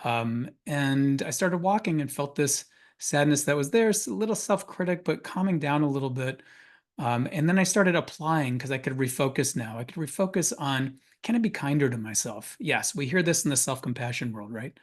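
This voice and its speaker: A man's voice: on the high side, animated, normal speed. A man presenting on a webinar panel, telling a personal story earnestly with frequent restarts. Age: adult parent of a school-age child.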